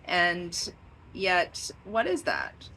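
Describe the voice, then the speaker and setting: A woman's voice: fairly low pitch, wildly swooping pitch, extremely slow, pushed and bright, a little hiss or hum, poor audio. A woman talking in a rambling, stream-of-consciousness vlog, drifting into tangents and laughing often. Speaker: vlogger.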